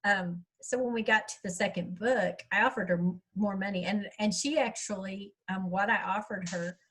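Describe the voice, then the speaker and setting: A woman's voice: medium pitch, fairly even intonation, moderate pace, a bit bright, slightly rough, poor audio. A middle-aged woman, chatting in a rambling way about her audiobook at a writers' workshop over a video call. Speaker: author speaking at a writers' workshop. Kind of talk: casual chat.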